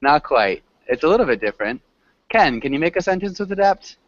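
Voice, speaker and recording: A man's voice: a little high, very animated, a little fast, no room sound, muffled recording. A man teaching an online English class, patiently coaching students on words and pronunciation.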